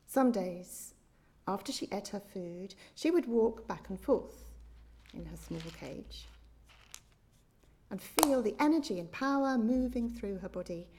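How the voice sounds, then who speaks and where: A woman minister tells a story to her congregation. Her tone is warm and mellow, her pitch sits in the middle and the telling is gentle and expressive. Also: a little slow, slight background noise. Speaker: minister leading a service. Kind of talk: storytelling in a church service.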